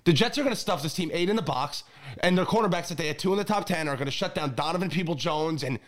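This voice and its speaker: A man co-hosting a casual sports chat who gets worked up and shouts mid-rant. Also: fairly high pitch, lively intonation, fast talker. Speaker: podcast co-host.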